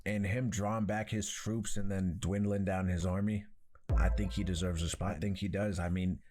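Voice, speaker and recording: A man hosting an anime reaction, casual slangy commentary that is animated and profane and full of laughs. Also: sits low, normal speed.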